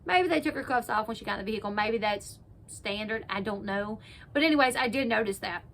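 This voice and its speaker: A woman's voice: medium pitch, a little fast, vocal fry, a bit bright, slight background noise. A woman casually retelling a TV episode for her channel, chatty and full of "like", acting out what people said. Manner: chatty, peppers speech with "like", acts out quotes. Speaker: YouTube recap host.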